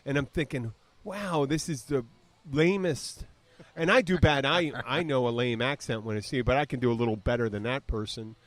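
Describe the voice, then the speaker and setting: A man's voice: medium pitch, quick pace, hardly any pauses. A man in his fifties hosting a podcast in casual chat, rambling with restarts and fillers. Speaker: podcast host.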